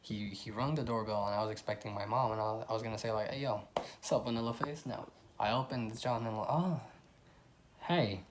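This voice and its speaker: A young man vlogging, telling a rambling personal story in a casual, animated way with loud outbursts. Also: fairly low pitch, a little fast, slight background noise.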